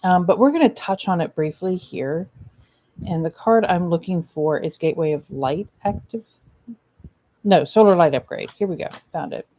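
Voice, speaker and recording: A woman talks through a weekly card reading in a loose, chatty way. She gushes, drops casual swears and keeps things informal. Her voice sits fairly low and sounds mellow and relaxed. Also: normal speed. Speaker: psychic medium.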